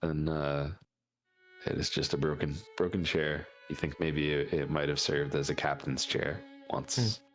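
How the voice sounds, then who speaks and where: Super deep slow guy running a tabletop game, lots of ums, music in the back. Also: flat delivery. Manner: halting, with many fillers and restarts. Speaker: game master.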